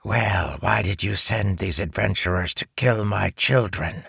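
A man voicing a giant grieving mother spider with a hissing, drawn-out voice in an audiobook. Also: low-pitched, vocal fry, pushed and bright, slightly rough, no room sound, studio quality, pitched above the performer's own voice, exaggerated voice. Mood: menacing. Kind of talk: audiobook character voice.

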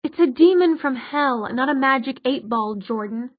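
A woman's voice: high-pitched, normal speed, no room sound. Irritable, clipped male warlock, read by a woman; dry, narrow sound. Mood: irritated.

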